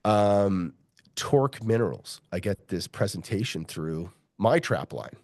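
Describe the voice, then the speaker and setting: A man's voice: lowish voice, a little slow, no echo, clean studio sound. A middle-aged man, a mining geologist, telling a long story in an interview, swearing freely and acting out the voices of the people he quotes. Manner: profane, animated, acts out quoted voices.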